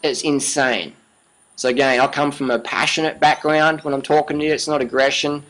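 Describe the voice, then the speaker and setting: A man's voice: a little high, fairly even intonation, brisk, a bit bright, poor audio. A man giving an emphatic, passionate monologue as a vlogger, repeating himself, swearing freely and often asking "you know what I mean".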